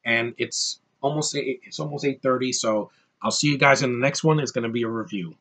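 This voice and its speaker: Young male vlogger, husky voice, rambling and opinionated, casual home haul video. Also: medium pitch, a little fast, fairly bright tone. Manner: rambling and opinionated, with fillers and restarts. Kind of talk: casual DVD haul vlog.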